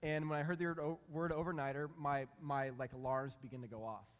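A man in his thirties or forties preaching a sermon. He reads scripture slowly, then tells a candid, self-mocking story about his family. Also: on the high side, level tone. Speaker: pastor. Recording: long reverb in a big hall.

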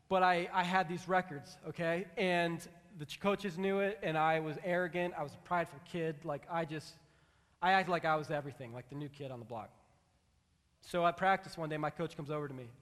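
A man preaching a sermon in a large church hall, telling stories in an animated, conversational way and acting out quotes. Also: on the high side. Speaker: pastor. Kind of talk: storytelling sermon.

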